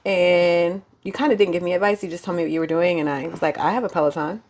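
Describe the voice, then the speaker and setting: A woman's voice: lowish voice, steady tone, quick pace, darkish tone. A woman co-hosting a podcast in casual chat, joking, laughing often and trailing off with fillers. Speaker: podcast co-host.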